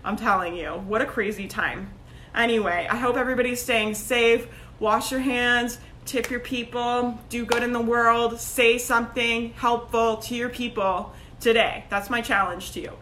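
A woman with a fairly high voice speaks at a normal pace over a faint hiss or hum. She's a business coach hosting a Facebook group live video, giving casual, upbeat motivational talk to her online group. She's chatty and energetic, laughs often, and leans on "like" and "right" constantly.

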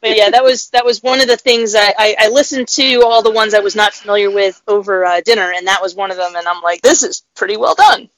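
A woman in casual podcast chat, talking in a chatty way with quick agreeing asides. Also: medium pitch, dry recording, poor audio. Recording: dry close sound.

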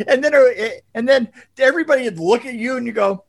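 A man's voice: very high-pitched, a little fast, creaky, background noise. An older man from California, a guest on an interview show, telling rambling stories full of swearing and laughter. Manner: profane, laughing, rambling storyteller. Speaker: guest, production designer. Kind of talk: casual interview storytelling.

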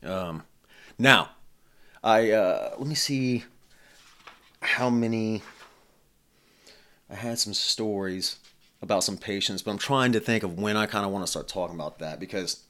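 A man's voice: lowish voice, a little slow, long pauses, sharp tone. A man hosting his own podcast, talking in a blunt, profane, rambling casual monologue. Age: adult. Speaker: podcast host.

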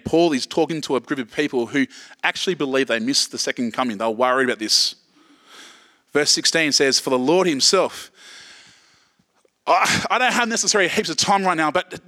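Aussie pastor preaching casual, jokey, keeps saying okay, bright punchy voice. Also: male voice, on the high side, expressive, fairly quick. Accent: Australian. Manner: casual, joking, lots of okays and restarts. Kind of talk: sermon.

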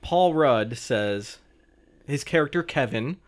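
A man's voice: medium pitch, expressive, slow. Wry, jokey man hosting movie talk. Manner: wry, jokey, laughs at own jokes. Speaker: podcast co-host. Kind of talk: casual movie review chat.

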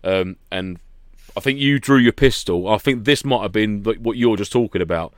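A man's voice: on the low side, moderate pace, no room sound, studio quality. A man co-hosting a podcast, telling stories in a loose, banter-heavy casual chat. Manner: banter-heavy storytelling with swearing and laughs. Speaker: podcast co-host.

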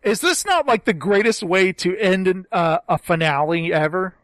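A man with a fairly high voice gushes in casual podcast chat. He talks with excitement and keeps acting out scenes. The sound is dry and close. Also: normal speed, dry recording. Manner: enthusiastic, gushing, quotes scenes in acted voices. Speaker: podcast co-host.

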